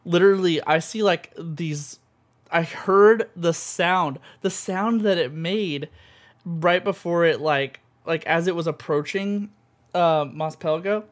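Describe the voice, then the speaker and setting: A man co-hosting a podcast, talking in an excitable, gushing way full of fillers. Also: fairly high pitch, slow pace. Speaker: podcast co-host. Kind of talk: casual chat.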